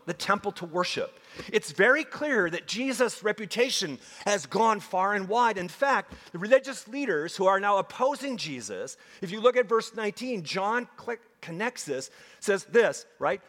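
A man preaching a sermon to a congregation, emphatic and animated, with frequent asides to his listeners. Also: high-pitched. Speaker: pastor. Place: church sanctuary. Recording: long hall reverb.

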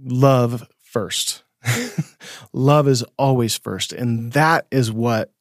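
A man's voice: medium pitch, drawn-out words, dry recording, studio quality. A man co-hosting a casual conversation about faith and ministry, reflective, laughing easily and restarting his sentences as he thinks aloud. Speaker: podcast co-host.

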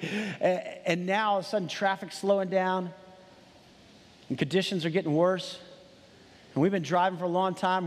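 A man telling a personal story in a sermon, animated and repeating his words as he starts sentences. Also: high voice. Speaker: pastor. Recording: hall reverb.

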